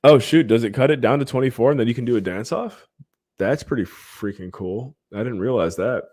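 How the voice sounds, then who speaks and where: A man's voice: mid-range voice, brisk. A man hosting a live podcast stream, chatting casually and hyping the giveaways for his viewers. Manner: excitable, hypes the giveaways with countdowns.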